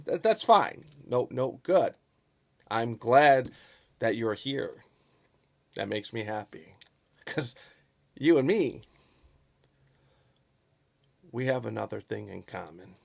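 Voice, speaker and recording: A man commenting on a local news story in a vlog, stressing words over and over and swinging between loud bursts and quiet asides. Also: medium pitch, gravelly. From Chicago. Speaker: YouTube commentator. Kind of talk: profane political commentary vlog.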